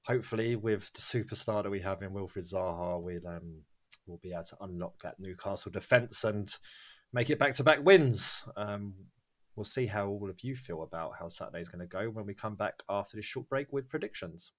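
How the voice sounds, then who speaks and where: Chatty lowish-voiced male podcast host. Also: fairly quick, a bit bright. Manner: chatty, laughs often, many fillers. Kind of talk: casual football podcast chat.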